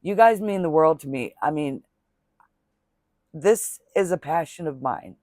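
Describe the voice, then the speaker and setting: A man's voice: on the high side, expressive, unhurried, a little mellow, no room sound, clean studio sound. A man chatting casually to camera as a crochet vlogger, rambling and heartfelt, thanking viewers with religious blessings. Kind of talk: casual talking-to-camera vlog chat.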